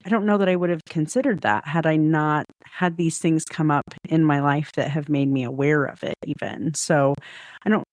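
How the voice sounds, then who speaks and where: A woman's voice: low voice, fairly even intonation, normal speed, a little mellow, dry recording. A middle-aged woman who is a podcast guest, telling stories and reflecting in casual conversation, often hedging her points. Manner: reflective, storytelling, frequent hedging.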